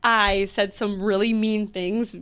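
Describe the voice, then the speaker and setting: A young woman in her twenties talks through a story on a casual podcast. She chats at a middling pitch, full of fillers, and acts out both sides of each exchange as she quotes them. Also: little pitch movement, takes it slowly, a bit bright. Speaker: podcast co-host. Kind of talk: casual chat.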